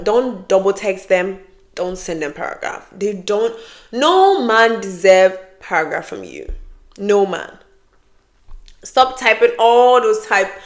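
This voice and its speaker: A woman vlogger giving frank relationship advice to her viewers in a casual, emphatic way, often repeating herself for emphasis and laughing. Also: mid-range voice. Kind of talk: casual advice talk to camera.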